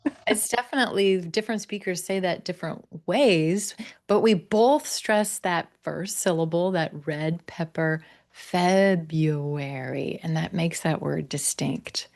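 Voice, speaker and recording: A woman teaching English pronunciation on a video call, encouraging learners and modeling words slowly. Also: fairly low pitch. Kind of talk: online English class coaching.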